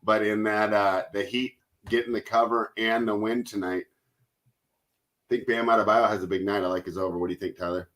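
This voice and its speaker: A man's voice: on the low side, steady tone, normal speed, a bit bright, poor audio. A man hosting a casual sports betting chat, joking and calling himself a hater. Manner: joking, self-described hater. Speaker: host.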